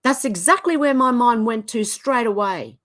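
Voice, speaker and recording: A woman's voice: expressive, fairly bright tone. A woman with an Australian accent, giving casual commentary and reading posts aloud. She sounds indignant and sarcastic. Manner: indignant and sarcastic, quick swings in pitch. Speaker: commentary vlogger.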